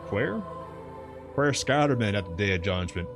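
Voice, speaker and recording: A man reading aloud brings to life a garrulous old sailor who rants in thick country dialect. The voice sits higher than the reader's own deep tone but keeps its weight. Faint background music plays under the storybook reading. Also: lively intonation, normal speed. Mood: ranting. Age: older. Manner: thick rustic dialect, grumbling and scornful.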